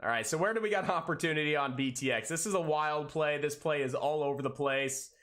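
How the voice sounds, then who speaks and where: A man hosting a live day-trading stream, calling out prices and cracking jokes in an excitable, hyped way. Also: on the high side. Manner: excitable, hyped, jokey, calls out prices rapidly. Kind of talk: live trading commentary and banter.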